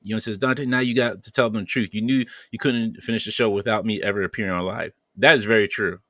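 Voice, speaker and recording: A man's voice: lowish voice, steady tone, fast talker, pushed and bright, dry recording. A man hosting a podcast, casually reading viewer comments aloud with playful banter and frequent laughter. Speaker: podcast host.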